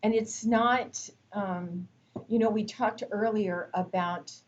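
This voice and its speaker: Slow, measured woman lecturing. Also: medium pitch, fairly even intonation, highs cut off. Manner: measured, explanatory with frequent fillers. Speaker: instructor. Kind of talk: recorded lecture.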